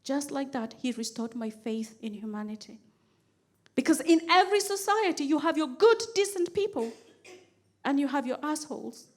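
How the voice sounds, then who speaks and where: Woman, stand-up comedian, high-pitched, lively storytelling, repeated lines for rhythm. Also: normal speed. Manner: animated storyteller, repeats phrases for comic rhythm.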